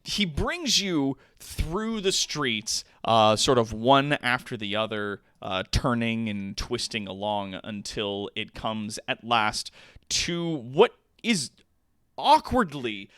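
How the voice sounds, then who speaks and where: A man's voice: mid-range voice, lively intonation, takes it slowly, fairly bright tone, clean tone, no echo, studio quality. A man narrating as game master for a tabletop game, casual with many fillers.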